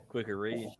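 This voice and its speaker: A man co-hosts a podcast and trades sarcastic jokes in casual chat. His voice sits fairly low. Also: heavy background noise. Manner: joking, sarcastic. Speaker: podcast co-host.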